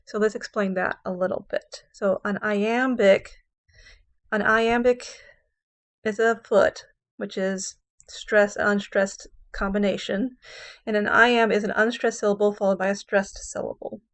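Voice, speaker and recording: A woman English professor giving a classroom lecture on a sonnet, reading lines of verse slowly with heavy stress and then explaining them in plain words with the odd "um" and "okay". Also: medium pitch, steady tone.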